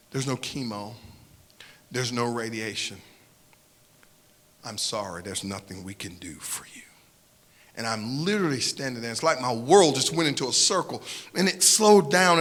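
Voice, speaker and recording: A man with a Southern US accent telling a personal story to an audience in an earnest way, often repeating and restarting phrases, moving between hushed and loud. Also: sits high, long reverb tail. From Southern United States.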